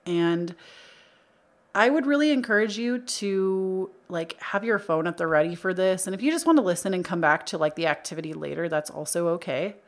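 A woman's voice: lowish voice, animated, normal speed. A young adult woman hosting a spiritual healing podcast, chatty and earnest, with frequent filler words, speaking into a microphone. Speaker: podcast host. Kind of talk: casual spiritual podcast talk. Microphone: studio microphone.

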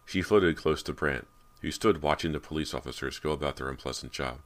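A man reading a horror novel aloud in a measured, steady narration. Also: rumbling low. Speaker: audiobook narrator. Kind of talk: scripted horror audiobook narration.

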